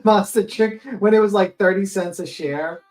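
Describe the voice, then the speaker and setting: A man's voice: high voice, normal speed, over music, low-quality recording. Joking, swearing man on a casual stream. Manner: joking, rambling, swears freely. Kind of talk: casual livestream chat.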